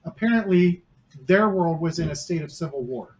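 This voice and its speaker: A man's voice: on the high side, lively intonation, normal speed, darkish tone. A man running a tabletop game as game master, narrating the scene in a storytelling way with small restarts. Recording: noisy home stream audio.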